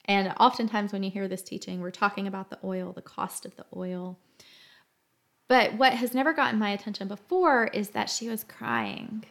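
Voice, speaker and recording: A woman hosting a faith talk, speaking earnestly and emotionally in a gentle storytelling tone. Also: medium pitch, normal speed. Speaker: podcast host.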